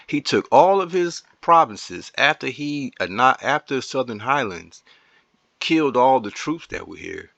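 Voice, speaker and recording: A man recording commentary on a strategy game at home, excitable and rambling, talking straight to his viewers. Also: medium pitch, measured pace, vocal fry, dry recording, muffled recording.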